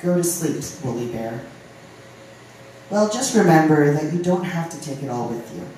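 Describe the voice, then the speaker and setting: A poet from Ohio reading poems aloud at a live open mic, with halting, filler-laden chat between poems. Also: mid-range voice, animated, dark tone, slight background noise. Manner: reads poems, chats with fillers between them. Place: live venue room. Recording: very echoey room from a distance.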